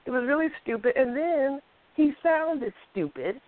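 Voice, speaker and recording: A woman's voice: high voice, expressive, normal speed. A woman co-host in casual panel talk, blunt and full of profanity. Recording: phone-like lo-fi audio.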